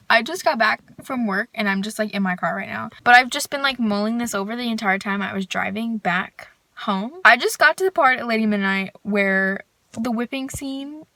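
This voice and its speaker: A woman's voice: fairly high pitch, moderate pace, sharp tone. Gushing young woman book vlogger. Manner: gushing, emphatic, full of "like". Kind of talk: casual reading vlog.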